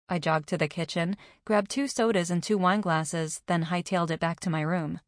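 A woman reading a first-person audiobook in a measured, even way. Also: fairly low pitch, no echo, studio quality.

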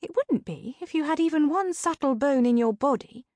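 A sarcastic, teasing ghost sidekick voiced by a woman with a lifted, bright pitch. She fires off quips, and the sound is dry and close-miked. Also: moderate pace, no room sound. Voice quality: higher, lively voice.

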